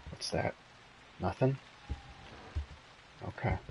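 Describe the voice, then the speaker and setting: A man's voice: slow pace, a little hiss or hum. Jumpy, swearing young man gamer. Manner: profane, jumpy, muttering and yelping with fear. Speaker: gamer streaming a horror game. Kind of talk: frightened live gameplay commentary.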